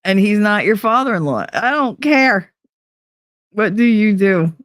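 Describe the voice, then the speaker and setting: A woman's voice: medium pitch, animated, unhurried, a bit bright, no echo. A young adult woman streamer chatting casually while reading quiz questions aloud, blunt, joking and full of profanity. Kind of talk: casual chat reading online quizzes aloud.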